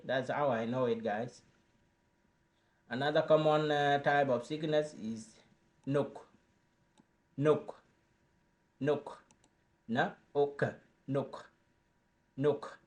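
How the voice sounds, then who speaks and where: Slow-speaking man teaching words. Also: medium pitch. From South Sudan. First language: Dinka. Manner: repeats words slowly, chatty asides to viewers. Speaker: language teacher. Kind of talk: casual vocabulary lesson.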